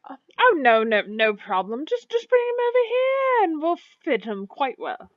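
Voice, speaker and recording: A woman's voice: sits high, wildly swooping pitch, normal speed, dry recording, dull audio, voice pushed up. A woman voicing an eager, flustered male shopkeeper who stammers to please.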